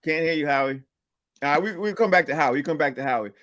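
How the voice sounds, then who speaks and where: A man's voice: fairly high pitch, fast, crowd noise. A man hosting a casual podcast panel over a video call, often repeating himself to prompt the others. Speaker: podcast host.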